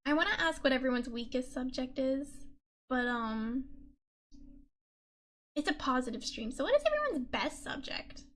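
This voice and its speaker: Young female streamer, high bright voice, soft casual ASMR chatter into a binaural mic, giggles often. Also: moderate pace, pauses often. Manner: soft-spoken, giggly, gushes excitedly at chat. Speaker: VTuber streamer. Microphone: binaural dummy-head mic.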